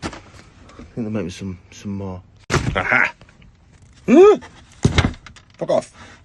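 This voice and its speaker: A man's voice: deep voice, measured pace, heavy background noise. A British man rummaging through old tapes and magazines on a livestream, muttering and exclaiming to himself. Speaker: co-host showing his collection. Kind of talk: casual livestream chat.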